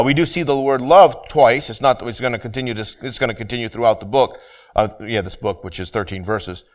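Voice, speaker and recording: A man preaching a sermon to his congregation, slowing down to read scripture and pray, and often repeating and restarting his phrases. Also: mid-range voice. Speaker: pastor.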